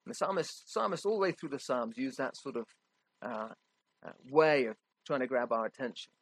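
A man's voice: mid-range voice, a little fast, a bit bright, husky, dry recording, low-quality recording. A man preaching a sermon in a conversational, emphatic way, often checking in with his listeners.

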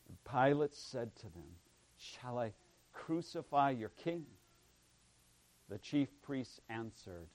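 A man preaching a sermon, building to loud emphatic passages and dropping to hushed tones, often checking in with a "right?". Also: mid-range voice, lively intonation, takes it slowly, pauses often. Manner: preaching with swells of emphasis and sudden hushed drops; frequent "right?" asides to the congregation. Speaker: pastor.

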